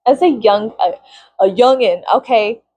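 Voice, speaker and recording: A woman in her thirties ranting casually to camera, profane and sarcastic, sometimes pitching up into high mocking tones. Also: unhurried, dark tone, dry recording, low-quality recording. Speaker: vlogger. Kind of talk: casual venting rant to camera.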